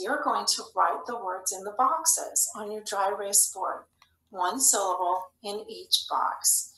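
Woman, phonics teacher, slow careful delivery, bright tone, echoey room, distant mic. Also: mid-range voice, slight background noise. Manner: slow, clear, patient instructional delivery. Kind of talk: phonics lesson for young children.

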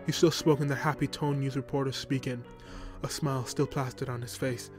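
A man narrating a first-person horror story in a steady, even storytelling manner. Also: mid-range voice, a little fast. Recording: music bed under voice.

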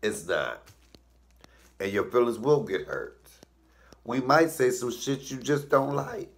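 Blunt, gravelly-voiced middle-aged man. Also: medium pitch, takes it slowly. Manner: blunt, animated, profane. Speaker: comedian and cooking show host. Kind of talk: casual comic storytelling while cooking.

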